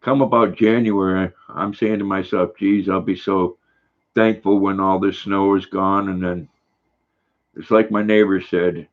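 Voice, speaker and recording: Older guy, low-ish voice, chatty and rambling, kinda muffled recording. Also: fairly even intonation. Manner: folksy, rambling, drawn-out. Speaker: livestream host. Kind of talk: casual chat reading viewer comments. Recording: dull lo-fi recording.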